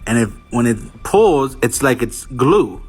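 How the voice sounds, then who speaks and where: Husky halting man. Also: medium pitch, big pitch swings, a little mellow, soft background music. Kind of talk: casual social video.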